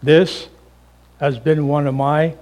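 A man pastor preaching a sermon, swinging between loud emphasis and hushed, near-whispered lines. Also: on the high side, little pitch movement, slow pace.

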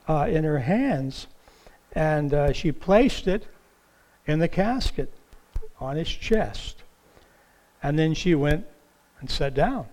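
An older man preaching a sermon as pastor in a church, slow and halting, with many fillers. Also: on the high side, darkish tone.

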